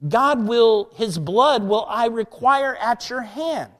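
A male pastor preaching a passionate sermon, swinging between loud emphatic lines and quiet, low ones. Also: expressive, slow.

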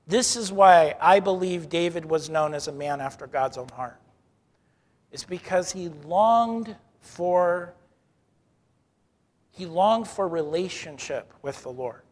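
Male pastor, sermon, high voice, earnest, long hall reverb. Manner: earnest preaching, stretches key words slowly.

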